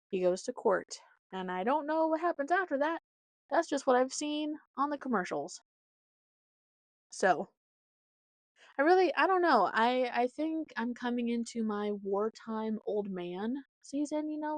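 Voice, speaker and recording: A young woman from Nebraska hosting a podcast, telling rambling stories in a chatty, casual way with lots of fillers and animated quoted voices. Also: mid-range voice, dry recording. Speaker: podcast host. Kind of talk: casual storytelling monologue.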